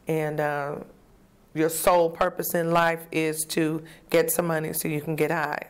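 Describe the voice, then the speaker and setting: A woman's voice: deep voice, flat delivery, unhurried, clean tone. A woman guest recounting her past in an interview, a vivid storyteller who acts out the voices of people she quotes. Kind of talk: personal testimony in an interview.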